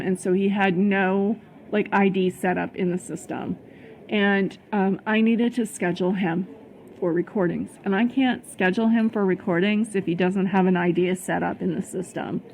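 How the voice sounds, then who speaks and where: A woman's voice: medium pitch, steady tone, normal speed, a little mellow, a little hiss or hum, low-quality recording. A middle-aged woman vlogging about her past job, talking in an emphatic, heated way with many fillers and restarts. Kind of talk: casual personal storytelling.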